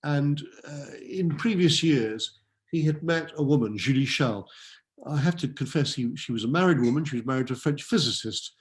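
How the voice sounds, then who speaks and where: A man's voice: on the high side, moderate pace. A man giving a school talk on French literature, reading French verse and translating it line by line, lifting his voice on the verse. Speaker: literature lecturer. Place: school event hall.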